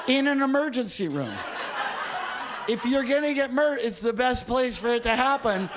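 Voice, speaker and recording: A man performing a stand-up comedy set on a club stage, telling an animated story and acting out what people said. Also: high-pitched, moderate pace. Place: comedy club stage before a laughing audience. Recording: live club recording with audience noise.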